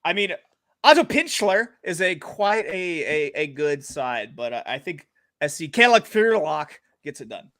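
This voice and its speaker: A man with a bright, forceful voice chats through his sports bets on a podcast, joking and hyping each pick. His voice sits a little high, and he gets loud when he reads out names. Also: sing-song, measured pace. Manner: hyped, jokey, swings loud on names. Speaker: podcast co-host. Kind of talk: casual sports betting chat.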